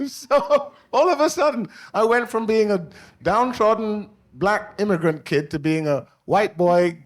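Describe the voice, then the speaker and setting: An older man who grew up in England tells stories on a book festival panel. His voice sits fairly high for a man, and he acts out the people he quotes with lively shifts. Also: unhurried. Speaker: author panelist. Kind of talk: anecdotal storytelling. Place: library event hall.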